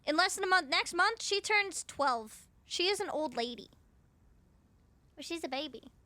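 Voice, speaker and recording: Young woman, streamer, high voice, bright tone, cooing baby talk, casual chat. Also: expressive, normal speed, no echo. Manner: baby-talk to her cat, giggly.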